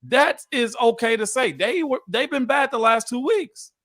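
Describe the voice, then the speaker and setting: A man's voice: very high voice, lively intonation, moderate pace, fairly bright tone, no echo. A man co-hosting a sports talk show in a studio, an ex-player speaking emphatically in casual chat. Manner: emphatic, calls people man. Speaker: co-host, former football player.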